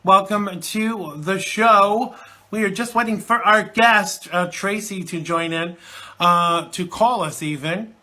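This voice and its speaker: A man with a high, bright and forceful voice speaks slowly as he hosts a live internet talk show from the UK. He chats and rambles with many fillers while recovering from a chesty cold.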